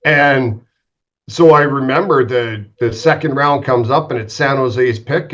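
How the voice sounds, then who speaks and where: A man's voice: medium pitch, unhurried. A man from western Canada, a former pro hockey goalie, telling stories as a guest in a casual interview, acting out quotes and swearing freely. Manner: animated, swearing, acts out quotes. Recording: slightly dull lo-fi sound.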